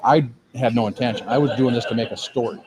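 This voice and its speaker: Guy rattling off a story quick, swears a lot, crowd chatter behind. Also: medium pitch, rough recording. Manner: rambling, profane, self-mocking. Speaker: cigar lounge owner. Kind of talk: casual storytelling. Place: cigar lounge, indoors.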